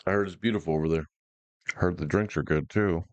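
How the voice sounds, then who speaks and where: A man with a very low, deep voice gives relaxed, joking commentary as he tries out software. His talk is casual and full of slang. The sound is dry and close, with no room echo. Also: fairly quick. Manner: laid-back, joking, slangy. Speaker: YouTuber trying out software.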